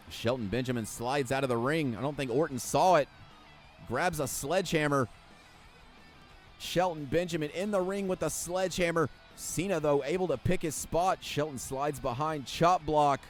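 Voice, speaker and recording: A man giving play-by-play wrestling commentary over a video game, sarcastic and jokey and swearing freely. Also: medium pitch. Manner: jokey, laughs at what he describes.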